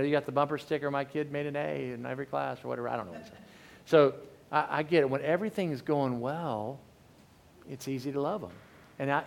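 Middle-aged guy preaching, chatty and candid, lots of restarts, mid voice. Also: mid-range voice. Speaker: pastor. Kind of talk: sermon.

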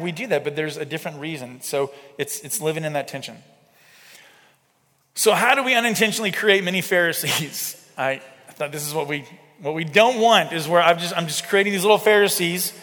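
A man's voice: fairly high pitch, fairly bright tone. A middle-aged man preaching in a conversational, emphatic way with frequent rhetorical asides. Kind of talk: sermon-style teaching. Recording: long hall reverb.

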